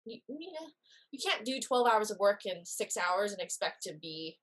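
A woman's voice: medium pitch, lively intonation, normal speed, a bit bright. A woman guest on a podcast, candidly telling a personal story and acting out quoted dialogue.

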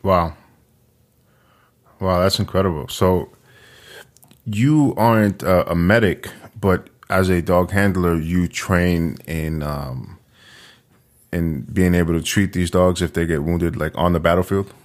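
A very deep-voiced male interviewer who speaks slowly. He mostly reacts with short remarks and asks his questions in a halting way. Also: steady tone.

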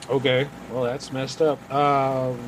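A man playing a tabletop game, speaking softly and hesitantly with many fillers. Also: medium pitch, flat delivery, slow pace, a little hiss or hum, rough recording. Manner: soft, hesitant, many uhs. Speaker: player. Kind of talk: casual tabletop play.

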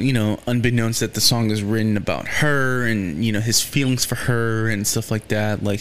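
A man talks through episodes of a series in a loose, casual recap. His voice sits at an ordinary middle pitch. He rambles, restarts his sentences, leans on fillers, and swears freely when he gets heated. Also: steady tone, normal speed, few pauses, fairly bright tone, a little hiss or hum. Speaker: show recapper.

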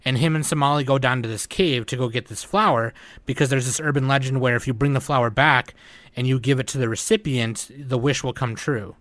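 A man's voice: medium pitch, fairly quick, a bit bright, no room sound. A man in casual chat, rambling and retelling scenes with quoted lines, swearing now and then. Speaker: podcast host reviewing anime.

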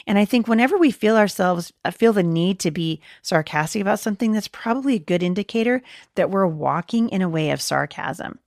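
A woman's voice: mid-range voice, expressive, a little fast, vocal fry, darkish tone, dry recording, studio quality. A woman host giving an earnest devotional talk to moms, quoting scripture with frequent fillers and restarts. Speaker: podcast host teaching moms.

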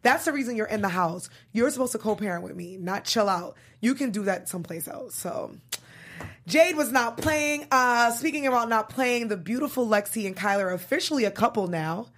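A young woman hosting a casual TV recap chat show, chatty and animated, laughing often. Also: on the high side, brisk. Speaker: podcast host.

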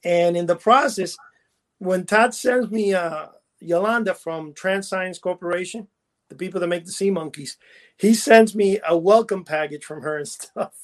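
A podcast co-host with a notably high voice tells rambling stories at a moderate pace during a casual chat. He restarts sentences and laughs at his own tales.

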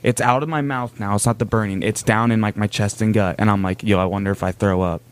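A man's voice: fairly low pitch, steady tone, fast talker, smooth, no room sound. A young man casually telling a long story on a podcast, rambling with lots of fillers. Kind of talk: casual chat.

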